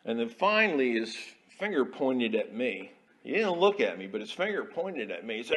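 A man, an Army chaplain preaching a folksy, storytelling sermon in a church, dropping to quiet asides and rising to loud declarations. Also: medium pitch, big pitch swings, fairly quick. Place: church sanctuary.

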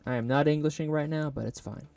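This man, who makes 3D sculpting videos, rambles and jokes to himself as he sculpts a model. He speaks quickly in a fairly high, steady voice that's creaky and a little mellow. There's no room sound, just soft background music.

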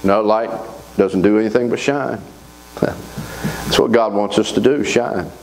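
A man preaching a sermon in a church, folksy and animated, asking the congregation to answer back. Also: on the low side, slow, gravelly, slight background noise, low-quality recording. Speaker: pastor. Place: church sanctuary.

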